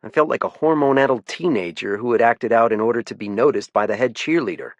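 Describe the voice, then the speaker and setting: A man's voice: mid-range voice, quick pace, no echo, muffled recording. Dry-voiced male audiobook narrator. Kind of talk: first-person scripted narration.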